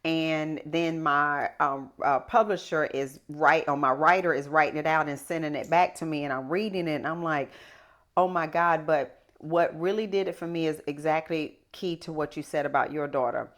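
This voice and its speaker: Low-voiced woman telling her story. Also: normal speed. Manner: animated, emphatic storyteller. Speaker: podcast guest. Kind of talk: casual conversational storytelling.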